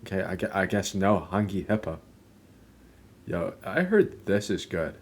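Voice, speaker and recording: A young man streaming a game, chatting casually, rambling and swearing, with sudden loud outbursts between mumbles. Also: deep voice, big pitch swings, a little slow, slight background noise.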